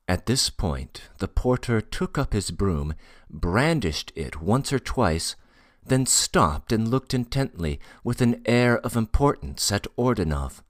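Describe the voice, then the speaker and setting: A man narrating a classic novel with a lowish voice and an expressive, rising-and-falling delivery. He reads slowly and deliberately into a close mic. The recording is dry, with no room sound. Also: no echo. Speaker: audiobook narrator. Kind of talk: scripted narration.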